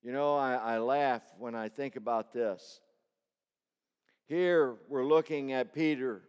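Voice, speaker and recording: A man preaching a sermon to a congregation, swinging between loud cries and hushed low tones. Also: slow pace, clear, resonant tone, long reverb tail.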